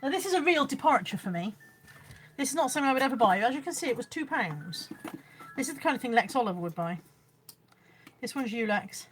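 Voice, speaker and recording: A woman's voice: high voice, very animated, fast, long pauses, faint music behind. A middle-aged woman with a Bristolian accent, chatting casually on a livestream, reading viewer comments aloud and poking fun at herself. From Bristol, England. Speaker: livestream host selling boot sale finds. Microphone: phone camera.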